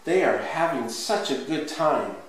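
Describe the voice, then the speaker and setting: A man reading a children's story aloud in a slow, expressive storytelling manner. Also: fairly high pitch. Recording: echoey room from a distance, faint hiss.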